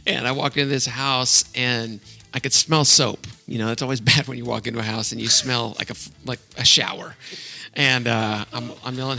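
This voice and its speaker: A man's voice: medium pitch, steady tone, normal speed, hardly any pauses, bright, forceful tone, faint music behind. A middle-aged man hosting a casual podcast, upbeat and rambling, laughing often between filler words. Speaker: podcast host.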